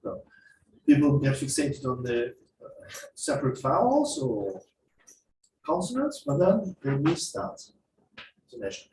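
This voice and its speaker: A man leads a masterclass on speaking, explaining points and acting out examples with a voice that swings widely in pitch and sits a little high. He is picked up from some distance in an echoey room. Faint background noise hums under him. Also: a little slow, long pauses. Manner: lively, explanatory, acts out examples. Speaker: speaking skills trainer. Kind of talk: masterclass lecture. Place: classroom or lecture hall.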